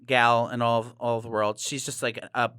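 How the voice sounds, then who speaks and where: A man guesting on a chatty podcast, spilling stories with campy flair. His voice sits in a middle pitch. The sound is close and dry, with no room echo. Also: little pitch movement, a little fast, sharp tone, clean tone. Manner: campy, gossipy storyteller. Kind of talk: casual chat.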